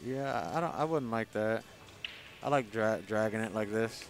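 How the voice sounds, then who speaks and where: Relaxed male pool commentator. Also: lowish voice, normal speed, vocal fry, faint music behind. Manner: relaxed, conversational, explains shots plainly. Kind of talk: casual live commentary.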